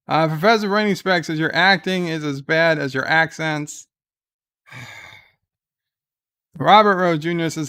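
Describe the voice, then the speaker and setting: A man's voice: on the high side, bright, forceful tone, clean tone. A weary man hosting a casual livestream at home, reading viewer comments aloud with wry asides. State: exhausted. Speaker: livestream host. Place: at home in bed.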